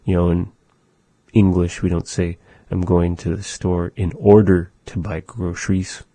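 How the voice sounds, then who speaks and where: A man giving a casual language lesson, explaining thoughtfully and softly repeating phrases. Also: sits low, flat delivery, measured pace, no room sound. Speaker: language teacher.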